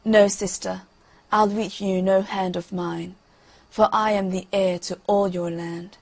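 A woman's voice: medium pitch, flat delivery, measured pace, vocal fry. A woman voicing a cold, jealous elder princess who speaks with scorn in a storybook tale. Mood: scornful.

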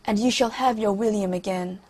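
A woman's voice: mid-range voice, fairly quick, a little mellow, close to an everyday voice. A woman voicing a young drowning princess who cries out and pleads for help in a storybook tale. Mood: pleading.

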